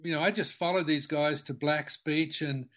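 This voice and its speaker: An older man, a company founder, tells a long anecdote in an interview, halting with many restarts and fillers. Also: fairly high pitch, steady tone, fairly bright tone.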